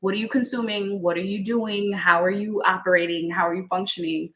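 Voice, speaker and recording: A woman hosting a casual livestream, talking straight to her viewers in an earnest, chatty way and laughing often. Her voice sits at an ordinary middle pitch, and it bounces around an echoey room picked up by a phone or webcam mic. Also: fairly even intonation, a little fast, hardly any pauses, sharp tone. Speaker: yoga teacher and livestream host.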